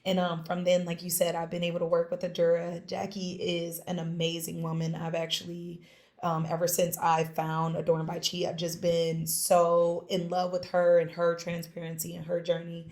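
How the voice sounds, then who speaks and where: A young woman in casual podcast chat, telling a lively story, acting out quoted lines and laughing often. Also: fairly low pitch, normal speed. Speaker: podcast guest, small business founder.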